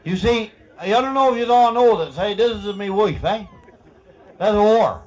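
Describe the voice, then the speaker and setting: A man's voice: sits high, normal speed, a little mellow, some chatter behind. A man with a Newfoundland accent, leading a ceremony with teasing, folksy banter and frequent laughter. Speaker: master of ceremonies at a screech-in.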